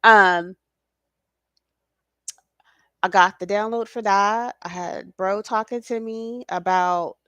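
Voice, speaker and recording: A woman's voice: mid-range voice, steady tone, takes it slowly, pauses often, sharp tone, no echo. A woman hosting a casual spiritual talk. She speaks with slangy passion, swears freely and keeps checking in with her listeners. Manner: talks to her audience directly, checks in with "okay?". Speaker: spiritual reader and host.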